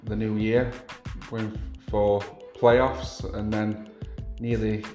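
A man co-hosting a casual football podcast, easygoing and halting, with frequent fillers. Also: on the low side, little pitch movement, a little mellow, echoey room, faint music behind. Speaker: podcast co-host.

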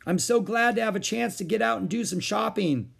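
A man's voice: high voice, fairly quick, vocal fry, slightly rough, pitched above the performer's own voice, heavily acted. A man reading a children's book aloud, voicing a breezy, cheerful neighbor mother. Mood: gay. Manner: bright and breezy.

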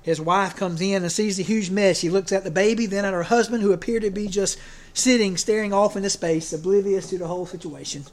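A man's voice: high voice, steady tone, fairly quick. A man preaching a folksy sermon, joking and often restarting his sentences. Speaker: pastor.

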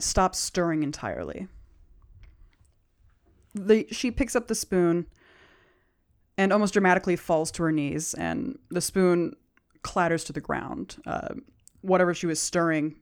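A woman narrating a tabletop game as game master, describing scenes in an unhurried, descriptive way. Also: on the low side, expressive, vocal fry.

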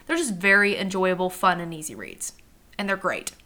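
A young woman with a bright, clear voice hosts a book podcast in a loose, chatty way. She acts out characters' lines as she talks and swears casually. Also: on the low side, big pitch swings, moderate pace. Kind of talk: casual chat.

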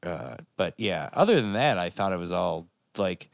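A man's voice: low voice, big pitch swings, normal speed, creaky, smooth, dry recording, clean studio sound. A man co-hosting a podcast in casual chat, rambling with many filler words. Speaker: podcast co-host.

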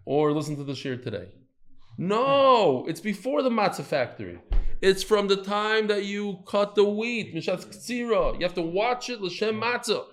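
Male Talmud teacher, slightly high voice, animated storyteller in front of a live class. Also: normal speed. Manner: animated, storytelling, quizzes the listeners.

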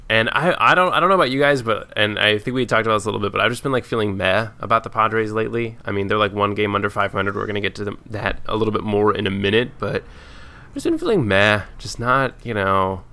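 A young adult man hosting a casual podcast, relaxed and laid-back, with lots of fillers. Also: fairly low pitch, creaky. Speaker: podcast host.

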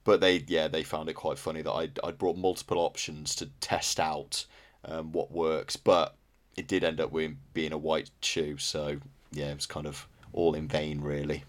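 A man's voice: rumbling low, flat delivery, moderate pace. A young man co-hosting a podcast, easygoing and laid-back as he tells stories and banters. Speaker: podcast co-host. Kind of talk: casual podcast chat.

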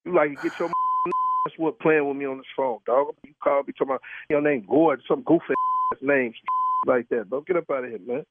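A man's voice: medium pitch, a little fast. Man on a tinny phone line, blunt. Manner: blunt street slang, swears, keeps asking who is calling. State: tired from work. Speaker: prank call target, truck driver. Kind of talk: phone conversation.

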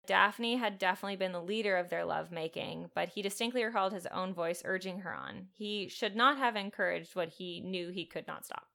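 A woman's voice: lowish voice, gravelly, bright, forceful tone. A woman co-hosting a casual book discussion podcast, recapping a novel and reading quotes aloud. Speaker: podcast co-host.

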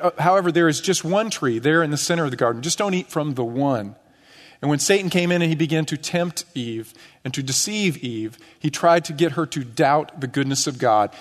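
A middle-aged male pastor preaching an earnest sermon, pushing up on questions and sinking low on key phrases. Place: church sanctuary. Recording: long church reverb.

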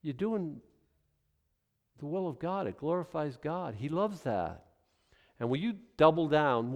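A man's voice: on the high side, expressive, measured pace, pauses often. A male pastor preaching a sermon in a loose, conversational way, drifting into asides and acted-out scenes.

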